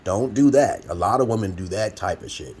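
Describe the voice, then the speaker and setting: Low-voiced man, forties, blunt and profane, rambling advice monologue, fan running faintly. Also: animated, fairly quick, darkish tone, slight background noise. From Brooklyn, New York, USA. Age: 40s. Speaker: advice vlogger. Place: home room.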